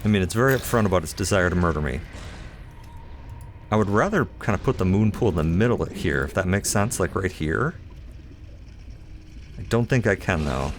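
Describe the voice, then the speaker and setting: In a deep, expressive voice, a let's play host narrates his gameplay at a moderate pace, pausing often. He's chatty and playful, talking to himself and teasing himself with self-deprecating humor, over a little hiss or hum.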